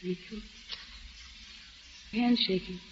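An actress playing a weary, guarded woman waiting up for her drunk husband, soft-spoken and restrained, in a 1940s radio play, from a dull old recording with faint hiss. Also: mid-range voice, steady tone, slow pace, natural voice.

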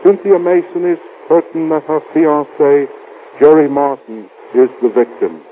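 A man announcing a radio serial, reading a formal recap in an even delivery on a tinny old recording. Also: a little high, a little slow, a little hiss or hum. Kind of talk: scripted radio recap narration.

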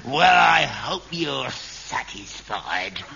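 A man's voice: medium pitch, sing-song, extremely slow, vocal fry, sharp tone, a little hiss or hum, exaggerated voice. An actor playing a cantankerous, selfish old father, grumbling and self-pitying in a 1960s sitcom. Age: older. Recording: dull old television recording.

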